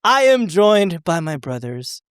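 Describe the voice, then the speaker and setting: The podcast co-host unhurriedly tells a rambling, profane story, laughing and mimicking what people said. His high voice is very animated, a bit bright, clear and resonant. Dry, studio-quality recording.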